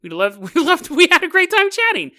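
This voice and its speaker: A man's voice: very high-pitched, wildly swooping pitch, brisk, sharp tone, pitched above the performer's own voice, full character voice. A man voicing a smug male alien from Venus who delivers threats in a breezy, offhand way.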